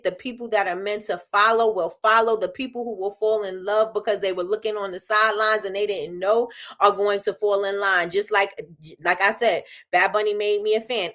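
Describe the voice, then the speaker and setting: A middle-aged woman hosting a casual motivational live stream from her soap business. She talks with lively energy, repeats her points and often laughs. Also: medium pitch. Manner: energetic, repetitive, preachy, laughs a lot. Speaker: live show host, soap business owner.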